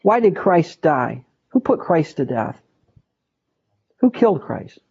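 A man's voice: on the high side, big pitch swings, takes it slowly, creaky, darkish tone, breathy edge. A man teaching a Bible study in an emphatic way, repeating words for stress. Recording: dull lo-fi recording.

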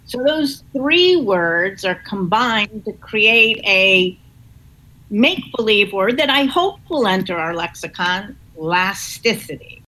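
A woman author answering interview questions in a measured, explanatory way. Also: mid-range voice, animated, pushed and bright, rough recording. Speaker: author and guest.

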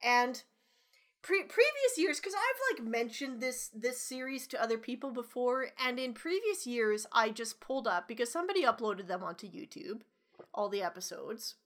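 A woman's voice: a little high, very animated, moderate pace, fairly bright tone. A woman co-hosting a podcast in casual chat, ranting animatedly with lots of swearing and laughter. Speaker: podcast co-host.

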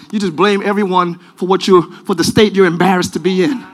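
A man preaching a sermon, shouting call-and-response to his congregation in a church. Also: high voice, fairly even intonation, brisk, hardly any pauses. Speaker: pastor. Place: large church. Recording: live church recording with music and congregation.

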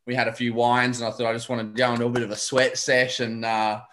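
Relaxed rambling man. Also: medium pitch, fast talker. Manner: relaxed, rambling with fillers and restarts. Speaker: guest, confidence coach for men. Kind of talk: casual podcast chat.

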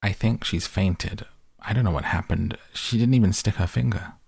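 A man's voice: a bass voice, lively intonation, fast talker, vocal fry, darkish tone, husky, no room sound, clean studio sound, exaggerated voice. A man voicing a nervous teenage boy who stammers and gets defensive.

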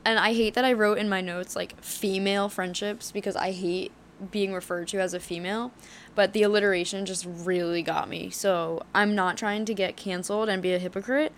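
A woman's voice: mid-range voice, fairly even intonation, moderate pace, a little hiss or hum. Heated, candid young woman podcaster. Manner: candid and heated, swearing, with many fillers. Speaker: podcast host. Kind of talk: solo podcast monologue.

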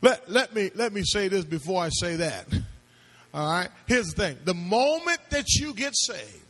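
A man's voice: sits high, very animated, moderate pace, a bit bright. A male pastor preaching a sermon to a congregation, with emphatic call-and-response questions and phrases that he sings out. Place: church before a congregation.

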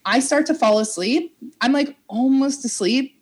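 A woman's voice: high voice, moderate pace, breathy edge. A woman, telling a long story in casual chat, acting out quotes and swearing as she goes. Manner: animated, acts out quotes, swears, laughs. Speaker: podcast co-host.

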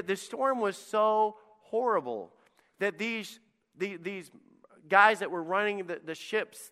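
A male pastor delivering an impassioned sermon, rising to loud appeals and dropping to hushed, quiet lines. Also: high-pitched, clear, resonant tone. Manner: impassioned preaching, swings between loud and hushed. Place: church sanctuary. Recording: long reverb of a church hall.

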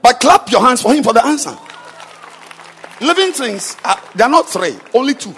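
Lively high-voiced male preacher. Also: moderate pace, some chatter behind, a little hiss or hum. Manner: rhetorical questions, shouting and sing-song emphasis; quizzes the congregation. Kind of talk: sermon. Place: church with congregation.

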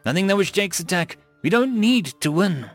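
A young sorceress, high and urgent, with a gravelly edge, as a male narrator puts her on. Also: lively intonation, brisk, a bit bright, faint music behind. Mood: earnest. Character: young woman spellcaster, eager and anxious.

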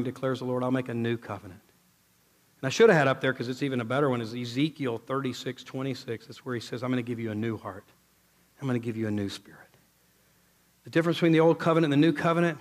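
A man preaching a sermon, emphatic, moving from loud exclaiming to low, intense passages as he quotes scripture and retells stories.

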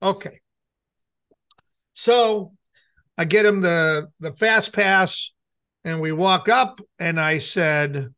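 A man's voice: a little high, takes it slowly, bright, forceful tone. A middle-aged man co-hosting a talk show, telling a rambling personal story and acting out what people said. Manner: rambling anecdote with acted-out quotes. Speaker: radio show co-host. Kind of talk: casual storytelling chat.

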